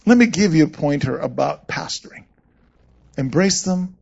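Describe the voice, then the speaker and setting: A man's voice: fairly high pitch, expressive, moderate pace, creaky, a little mellow, slightly rough. A man preaching a sermon as a pastor, telling stories and acting out quoted voices with animation. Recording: muffled lo-fi sound.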